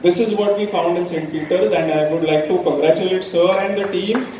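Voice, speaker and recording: Quick Indian doctor speaking in an echoey hall. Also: male voice, high voice, noisy background. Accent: Indian English. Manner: mixes in Hindi phrases, lively and praising. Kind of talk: speech at a school meeting. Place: large school hall. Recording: echoey hall heard from a distance.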